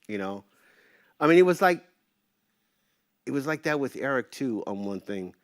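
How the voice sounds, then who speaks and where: Animated middle-aged man telling stories. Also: medium pitch, normal speed, no room sound, studio quality. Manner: animated, swears freely, acts out quotes. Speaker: interview guest. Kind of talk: casual storytelling.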